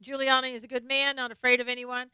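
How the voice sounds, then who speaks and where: A woman's voice: high-pitched, little pitch movement, fast, sharp tone, smooth, no room sound. A woman hosting a live stream, casually chatting about politics and answering viewer comments as she reads them out. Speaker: live stream host reading chat.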